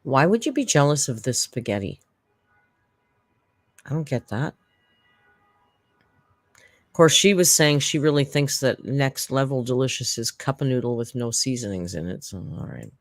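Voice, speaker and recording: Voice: mid-range voice, animated, moderate pace, long pauses, no echo. A reaction channel host giving chatty, sarcastic live-stream commentary to viewers.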